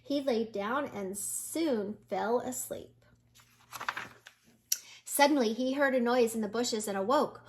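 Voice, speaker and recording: An older woman reading a children's picture book aloud in a gentle, slow manner, pointing out the pictures. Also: a little high, slight background noise.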